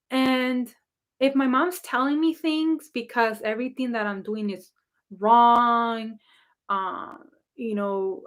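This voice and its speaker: A woman's voice: on the high side, fairly bright tone. A woman who works as a spiritual coach, talking casually and rambling with many fillers and restarts as she answers viewer questions. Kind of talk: casual talk to camera.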